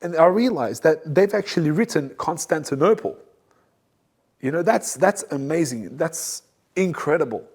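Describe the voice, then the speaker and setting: A man's voice: a little high, expressive, normal speed, a little mellow, slightly rough. A man, a reverend hosting his own talk show, speaking casually and animatedly, often repeating his points for emphasis and mixing in jokes. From Assyrian community.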